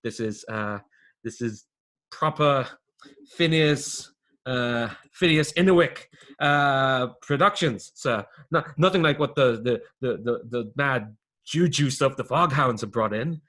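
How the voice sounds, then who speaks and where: Man doing a nervous snuff dealer, high voice, stammering, fawning, put-on accent, tabletop game. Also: takes it slowly, sharp tone. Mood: wheedling. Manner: stammering, repeating words, fawning "sir". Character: sweaty nervous male snuff dealer, groveling.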